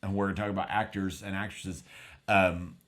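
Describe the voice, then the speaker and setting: A man's voice: deep voice, flat delivery, a little fast, fairly bright tone. Rambling West Texas man reviewing a film. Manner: rambling, with many restarts and fillers. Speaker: podcast co-host. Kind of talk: casual film review chat.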